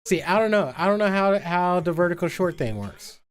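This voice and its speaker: Male streamer, laid-back rambling chat, lively pitch, swears a lot. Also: fairly quick, clear, resonant tone. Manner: rambling, swears freely, self-mocking. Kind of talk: casual gaming stream chat.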